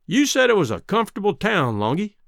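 A man doing a brash, loud cowboy rancher. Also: high voice, huge pitch swings, brisk, gravelly, dry recording, studio quality, exaggerated voice. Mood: boisterous. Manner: drawling frontier slang.

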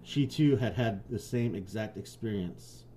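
A man's voice: lowish voice, measured pace, background noise. A man co-hosting a podcast, joking crudely and reading stories aloud. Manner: crude, joking, laughs a lot. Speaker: podcast co-host.

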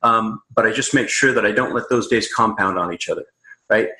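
A man's voice: lowish voice, a little fast, pushed and bright, echoey room. A man speaking as a guest coach in a casual interview, upbeat, emphatic and motivational.

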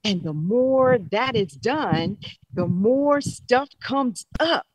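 Female caller, very slow, husky voice, thoughtful and halting; dry sound. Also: on the high side, lively intonation, dry recording, rough recording. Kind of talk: reflective call-in talk.

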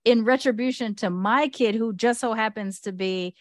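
A woman's voice: fairly high pitch, normal speed, no echo, clean studio sound. A woman guesting on a casual podcast, giving opinionated, emphatic commentary. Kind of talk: casual recap chat.

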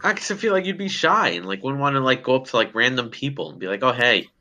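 A man chatting casually with friends, loose and quick to laugh. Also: medium pitch, very animated, bright, forceful tone. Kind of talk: casual chat.

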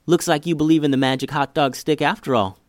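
A man voicing an eager, scheming young boy in a storybook reading, talking fast and persuasively. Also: a little high, fairly even intonation, no echo, studio quality, pitched above the performer's own voice, natural voice.

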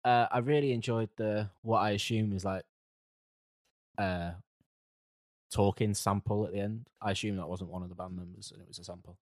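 A man's voice: on the low side, fairly even intonation, moderate pace, long pauses, no room sound, clean studio sound. A man co-hosting a casual music chat, hesitant, often trailing off into mumbles. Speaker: podcast co-host reviewing music.

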